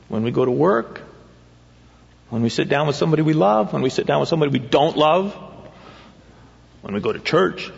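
This man's sermon feels conversational, and he often poses questions to the congregation. His voice is a little high, with vocal fry. Long hall reverb and a dull sound mark the recording.

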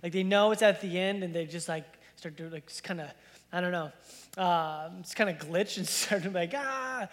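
A man's voice: sits high, fairly even intonation, moderate pace, in a large hall. A man in his thirties preaching a sermon as pastor, chatty and loose, full of fillers as he tells a family story. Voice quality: casual, filler-heavy storytelling with many "like"s. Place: church sanctuary.

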